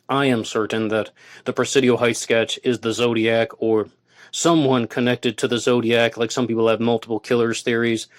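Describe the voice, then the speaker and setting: A man hosts his own podcast alone, with a voice of ordinary middle pitch for a man. He reads passages aloud and then argues against them point by point, in a steady conversational way. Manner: argumentative, reads quotes aloud and rebuts them. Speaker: podcast host. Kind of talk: solo podcast commentary.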